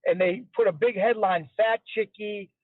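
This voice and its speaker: A man's voice: high-pitched, moderate pace, dry recording. Chatty man on a tinny phone line. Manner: chatty, repeats himself for emphasis. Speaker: interview guest. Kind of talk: casual storytelling.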